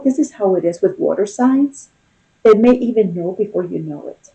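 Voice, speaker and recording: A woman's voice: medium pitch, animated, measured pace, creaky, dark tone, low-quality recording. A woman giving a casual tarot reading, talking in a loose, conversational way and often checking in with "okay?" and "you know?". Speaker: tarot reader.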